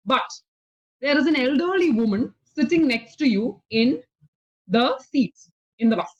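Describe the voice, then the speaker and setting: Over a video call, a woman with a high voice and an Indian English accent gives an expressive online English conversation lesson. She explains slowly and patiently, checking in with "okay?" along the way, and the audio sounds a bit dull and lo-fi.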